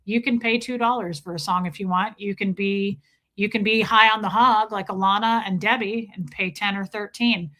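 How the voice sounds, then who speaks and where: A woman hosting a livestream in casual chat, playful and loud, her voice going a little hoarse. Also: mid-range voice, fairly even intonation, normal speed. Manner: playful, sings along loudly between chatter. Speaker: livestream host.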